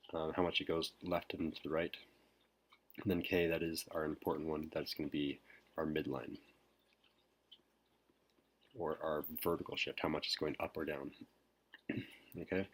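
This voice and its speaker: A man teacher whispering a recorded math lesson, hesitant with frequent pauses. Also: sits low. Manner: whispering softly; hesitant, many ums.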